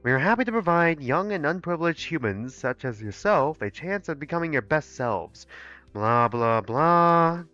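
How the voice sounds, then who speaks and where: A man's voice: on the high side, expressive, sharp tone, no room sound, dull audio, faint music behind. A man voicing a snooty bored dinosaur student president. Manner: dismissive, rushed, lazily reading.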